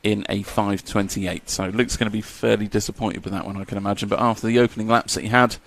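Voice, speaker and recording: A man's voice: lowish voice, steady tone, quick pace, a bit bright, slight background noise. A man commentating a live model car race, chatty and jokey, reading out lap times.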